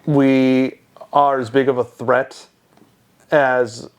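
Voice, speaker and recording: A man's voice: medium pitch, flat delivery, extremely slow, smooth. Give me a young man telling a laughing story on a podcast. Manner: laughing storyteller, mimics voices in his anecdotes. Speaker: podcast co-host. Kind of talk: casual chat.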